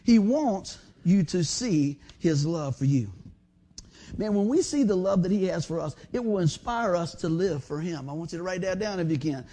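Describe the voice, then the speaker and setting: A man's voice: sits high, lively intonation, moderate pace, mellow. A man preaching a sermon in a folksy, storytelling way, often saying "man". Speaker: pastor.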